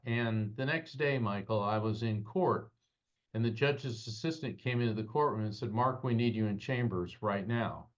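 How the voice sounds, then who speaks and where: A man telling a personal story as an interview guest, animated and dramatic, his voice rising at the intense moments. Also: dull audio. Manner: animated, dramatic retelling with rising pitch at peaks. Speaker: guest, psychic medium and lawyer.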